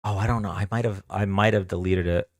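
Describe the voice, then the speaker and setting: A man hosting a live stream, talking casually in a lowish voice. He hesitates often, with fillers and restarts. The sound is dry and close. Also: fairly even intonation, fast talker, dry recording. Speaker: debate stream host.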